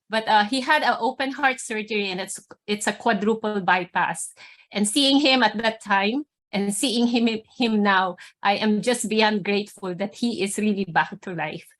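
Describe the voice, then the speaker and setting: A woman's voice: mid-range voice, fairly bright tone. A woman on a video call giving an emotional, proud tribute to a colleague. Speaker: meeting participant.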